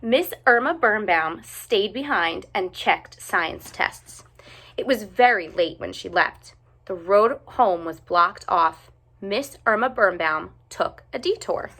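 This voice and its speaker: A woman reads a children's picture book aloud with lively expression. Her voice is bright and clear, and her pitch moves a lot from line to line. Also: slow, slight background noise. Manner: expressive, animated narration. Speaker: storyteller.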